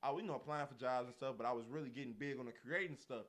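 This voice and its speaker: Fast-talking animated young man. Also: mid-range voice. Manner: animated storytelling with acted-out quotes and frequent laughter. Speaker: podcast co-host. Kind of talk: casual chat.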